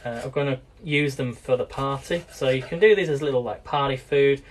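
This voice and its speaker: A man's voice: medium pitch, a little fast. British male host, casual and rambling, talks to viewers while cooking live. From Britain. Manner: chatty and rambling, often addresses viewers as guys.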